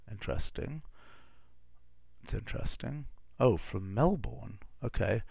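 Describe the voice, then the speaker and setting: A middle-aged man hosting a live stream, musing aloud as he reads old letters haltingly, with asides. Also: medium pitch, expressive, gravelly, dry recording. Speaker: live-stream host reading archival letters. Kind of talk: casual think-aloud reading.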